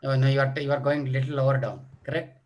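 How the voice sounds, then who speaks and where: A man's voice: mid-range voice, steady tone, fast talker, darkish tone, slight background noise. A middle-aged man lecturing on children's coughs in an online medical workshop, demonstrating coughs and talking with many fillers. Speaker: pediatric lecturer.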